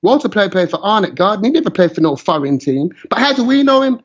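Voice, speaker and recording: A man's voice: high voice, sing-song, quick pace. A man hosting a heated talk show, ranting passionately and slipping into patois. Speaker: show host. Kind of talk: heated opinion chat. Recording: dull lo-fi sound.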